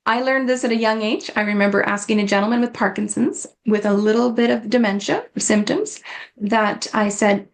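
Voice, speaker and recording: Earnest woman with a gravelly voice. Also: a little high, moderate pace. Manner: earnest, repetitive, acts out quoted dialogue. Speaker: dementia care educator. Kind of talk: informal educational talk.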